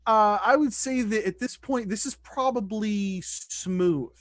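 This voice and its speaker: A man's voice: sits high, slow. A man running a tabletop game as dungeon master, narrating loosely with restarts. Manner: loose, conversational rulings with restarts.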